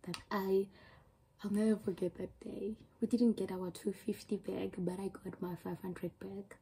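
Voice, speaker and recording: A woman's voice: medium pitch, little pitch movement, measured pace, vocal fry, mellow, slightly rough, poor audio. A young woman with a South African accent, telling a rambling, emotional storytime to her channel. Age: young adult. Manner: emotional, rambling retelling with many restarts. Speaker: YouTuber. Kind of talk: storytime vlog.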